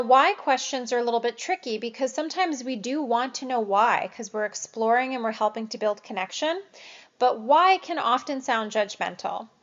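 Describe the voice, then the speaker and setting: Instructor, female, slightly high voice, patient explanatory delivery, muffled lo-fi recording. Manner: clear, explanatory, with example phrases acted out. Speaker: nursing instructor. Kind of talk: recorded lecture. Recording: dull lo-fi lecture audio.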